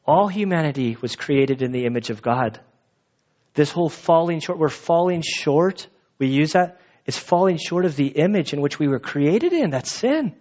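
A man's voice: fairly high pitch, animated, normal speed, darkish tone. Earnest man preaching a sermon. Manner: earnest, conversational, emphatic. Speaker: pastor. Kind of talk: expository sermon. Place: church sanctuary. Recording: dull lo-fi recording.

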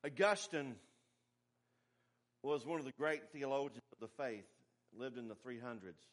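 A man's voice: medium pitch, moderate pace. A middle-aged man preaching a sermon in a folksy, emphatic way, with humorous asides. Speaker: pastor.

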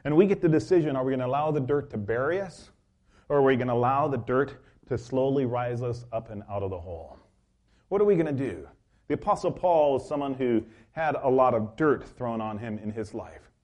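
A man's voice: medium pitch, lively intonation, a little fast, darkish tone. Male pastor, sermon delivery, loose storytelling full of ums and restarts. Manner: rambling storytelling with fillers.

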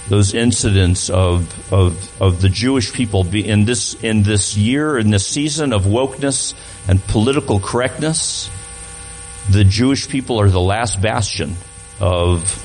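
A man's voice: fairly low pitch, darkish tone, poor audio. A man speaking as a guest at a church, talking to the congregation in a conversational way and often restarting his sentences. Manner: conversational, repeats words while restarting.

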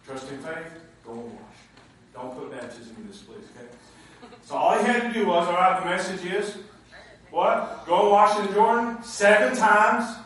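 A man preaching a sermon to a responding congregation, swinging between quiet asides and shouted high points. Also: moderate pace. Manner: animated, swinging from low asides to shouted climaxes. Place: church sanctuary with congregation. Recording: very echoey hall, mic from far off.

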